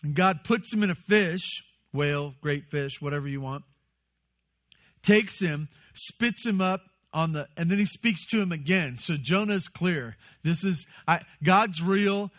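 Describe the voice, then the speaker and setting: A man's voice: a little high, unhurried, highs cut off. A male pastor giving a conversational sermon and putting questions to his congregation.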